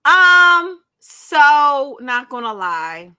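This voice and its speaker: Young female podcast co-host, animated and emphatic, crisp voice that sits a bit high. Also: very slow, no room sound. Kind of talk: casual chat reviewing a cooking show.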